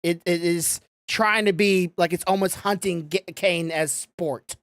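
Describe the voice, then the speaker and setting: A woman's voice: lowish voice, steady tone, unhurried, no echo, studio quality. A woman narrating a role-play story as game master, rambling and restarting her sentences. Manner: rambling, full of fillers and restarts.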